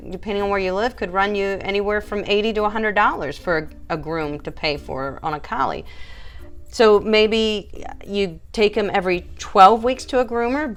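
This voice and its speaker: A chatty, emphatic woman hosting a pet-grooming live stream and talking straight to her viewers. Her voice sits at a middle pitch. Faint music plays behind her. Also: clean tone. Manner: chatty and emphatic, many restarts, greets viewers by name. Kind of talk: casual live-stream advice, reading viewer comments.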